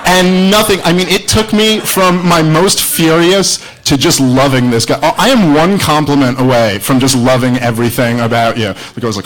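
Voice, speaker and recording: A man's voice: medium pitch, a little fast, few pauses, poor audio. A man doing a stand-up comedy set, rambling and self-mocking as he tells a story to a live audience. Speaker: stand-up comedian opening a debate. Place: live venue with audience laughter.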